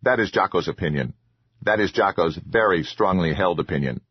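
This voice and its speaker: A man voicing a small, excitable, childlike male troll who talks about himself in the third person in a high, eager voice. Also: normal speed, breathy edge, no room sound, dull audio.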